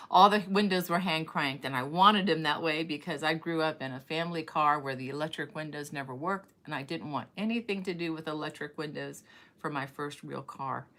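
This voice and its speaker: A woman's voice: sits low, fairly bright tone. A middle-aged woman hosting a casual live stream, chatting in a rambling way and greeting viewers by name. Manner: chatty and rambling, reading viewer comments aloud; many fillers and restarts. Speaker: crochet channel host.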